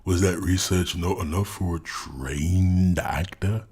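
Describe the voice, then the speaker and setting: A man's voice: low-pitched, takes it slowly, few pauses, a little mellow, slightly rough. A man giving profane, mocking reaction commentary on a video clip, ranting at length.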